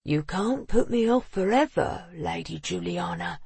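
A softly threatening, self-assured man, as an audiobook narrator puts him on. He speaks quietly and slowly, savoring each word. The voice is a little husky and the recording dry and close. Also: medium pitch, expressive, no room sound, heavily acted. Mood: menacing. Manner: soft, slow and threatening.

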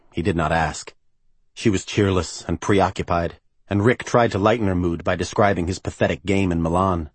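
Deep, husky male audiobook narrator. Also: dry recording. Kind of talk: scripted narration.

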